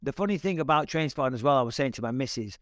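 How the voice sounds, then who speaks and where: A man's voice: medium pitch, expressive, rapid-fire, no echo, clean studio sound. A man from Britain hosting a podcast, talking bluntly and enthusiastically with plenty of swearing. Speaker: podcast host. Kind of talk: casual chat.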